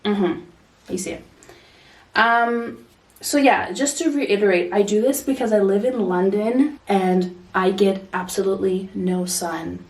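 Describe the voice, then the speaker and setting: A woman's voice: mid-range voice, a little slow, darkish tone. Chatty woman in an echoey room. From Toronto, Canada. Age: 30s. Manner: chatty, direct, instructive. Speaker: vlogger. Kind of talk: casual makeup tutorial. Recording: echoey room, distant mic.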